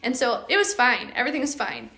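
A young woman hosting a podcast, telling a story in a chatty, animated way with lots of fillers. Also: fairly high pitch, fast, reverberant. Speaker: podcast host. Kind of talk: casual storytelling.

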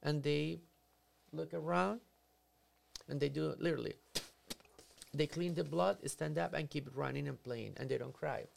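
A psychotherapist explaining ideas in conversation, acting out scenarios in quoted voices. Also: male voice, a little high, unhurried, vocal fry, pauses often, a little hiss or hum. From Latin America.

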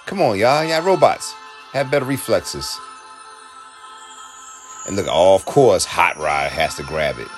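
A man giving an excited, emotional reaction commentary while watching a film. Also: deep voice, a little slow, long pauses, soft background music. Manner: emotional, exclaiming, laughing often. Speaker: reaction video host.

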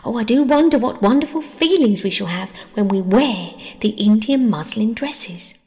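A woman's voice: on the high side, animated, moderate pace, a little mellow. A woman voicing an earnest, sensible older girl. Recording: long reverb.

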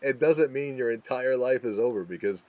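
A man co-hosting a podcast, relaxed and opinionated, laughing easily. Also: mid-range voice, normal speed. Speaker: podcast co-host. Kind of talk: casual podcast chat.

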